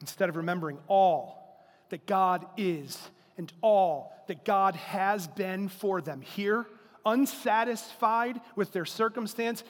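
A man preaching a sermon as pastor, animated and acting out quotes as he speaks. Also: high voice, in a large hall. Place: church sanctuary.

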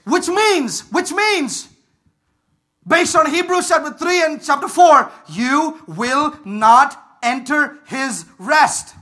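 Male pastor, very high voice with a bright edge; fervent sermon delivery that swells to shouts and leads call-and-response. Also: lively intonation, slow. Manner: fervent, rises to shouts and calls for congregation responses.

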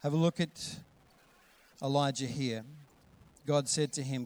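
A man preaching a sermon in a conversational way, acting out quoted voices and dropping to a hush for gentle lines. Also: medium pitch, measured pace. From Australia. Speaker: pastor.

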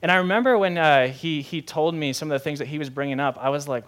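A man's voice: on the high side, racing, few pauses, a bit bright. A young adult man, a pastor preaching a sermon in a conversational, candid way with self-deprecating humor.

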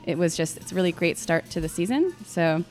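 A young woman who works at the brewery, chatting casually in halting sentences that she often restarts. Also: lowish voice, lively intonation, soft background music. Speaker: brewery staff. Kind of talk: casual chat.

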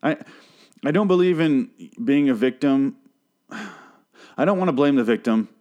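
A show recapper with a mid-range voice talks at normal speed through a TV episode in a casual, rambling, profane monologue, breaking off to act out the characters' lines in animated voices.

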